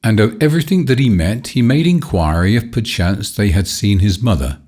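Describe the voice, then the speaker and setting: A man narrating a fairy-tale audiobook in measured, old-fashioned storytelling. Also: lowish voice, expressive, darkish tone.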